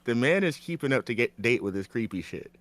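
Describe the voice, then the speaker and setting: A man's voice: mid-range voice, brisk, no room sound. A man co-hosting a gaming podcast, telling bits with profanity and laughter. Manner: animated, profane, laughing storyteller. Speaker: podcast co-host. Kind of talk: casual podcast chat.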